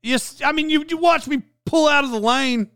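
A man's voice: very high-pitched, normal speed, pushed and bright, no echo, clean studio sound. A man telling a rambling story in a casual vlog, full of restarts and side notes. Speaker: YouTuber.

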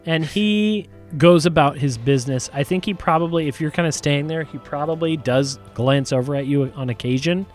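A man narrating as game master, describing the scene in a relaxed, hedging way. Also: on the high side, moderate pace, few pauses, faint music behind. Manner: relaxed, descriptive, many hedges.

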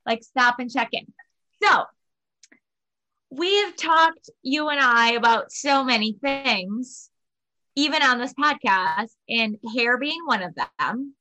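A woman's voice: high voice, slow, pushed and bright. A young adult woman hosting a podcast, talking in an upbeat, chatty way and repeating phrases for emphasis. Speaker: podcast host. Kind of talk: casual podcast chat.

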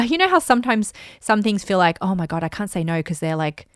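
A woman in her thirties talks alone on her podcast, chatty and storytelling, slipping into little acted-out quotes of her own thoughts. Her voice sits at an ordinary middle pitch. The sound is dry and close, with no room around it. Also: very animated, a little fast, hardly any pauses, a bit bright, clean tone, no echo. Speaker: podcast host. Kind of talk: solo podcast monologue.

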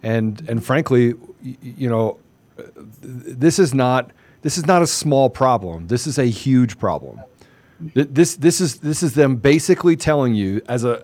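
A man hosting a talk show, explaining things step by step and rushing through quoted legal wording. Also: medium pitch, expressive, a little mellow. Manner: explanatory, reads legal text in a quick rush. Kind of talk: casual chat.

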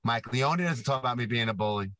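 A man's voice: medium pitch, lively intonation, fast, a bit bright, no room sound, low-quality recording. Teasing man talking from his car. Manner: teasing, rambling. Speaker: podcast co-host. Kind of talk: casual chat.

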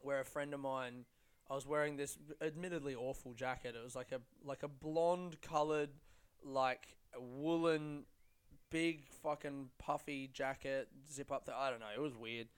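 A man's voice: mid-range voice, steady tone, moderate pace, smooth. A young man hosting a solo podcast, telling stories in a rambling, profane, casual way and laughing often. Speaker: comedian and podcast host.

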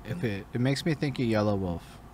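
A man's voice: on the low side, animated, fairly quick, a little mellow, a little hiss or hum. A man hosting a podcast, talking casually in a slangy, laid-back way and swearing freely.

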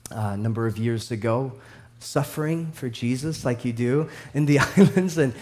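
A man in his thirties preaching a sermon as a pastor, animated and storytelling, swinging between hushed and loud with laughs. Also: mid-range voice, moderate pace.

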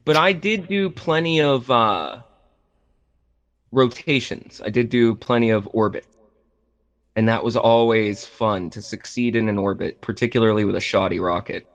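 A man's voice: lowish voice, normal speed. A man chatting casually on a gaming podcast, rambling with lots of fillers and restarts. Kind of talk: casual podcast chat about games. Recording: slightly dull lo-fi audio.

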